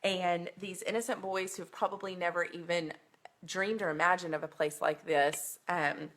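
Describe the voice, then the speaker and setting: Bright-voiced woman teaching scripture. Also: on the low side, steady tone, moderate pace, slight background noise. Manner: earnest, emotional storytelling with many ums. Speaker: Bible study teacher. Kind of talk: livestreamed Bible lesson. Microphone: phone.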